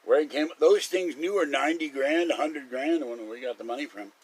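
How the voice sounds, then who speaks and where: A man's voice: a little high, fast, husky, poor audio. A man hosting a live stream, rambling through casual stories and chuckling often. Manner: chatty storyteller, chuckles often.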